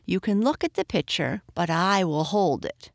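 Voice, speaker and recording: A woman's voice: on the low side, animated, moderate pace, gravelly, dry recording, studio quality. A woman voicing a curious, stubborn young girl who speaks earnestly. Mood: firm.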